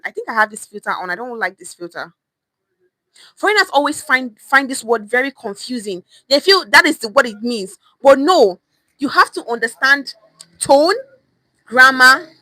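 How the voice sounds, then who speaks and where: A woman's voice: high voice, pushed and bright, no room sound, rough recording. Emphatic Nigerian woman teaching live. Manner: emphatic, repeats phrases, acts out reactions. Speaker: online language teacher. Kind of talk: casual livestream lesson. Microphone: phone or webcam on a live stream.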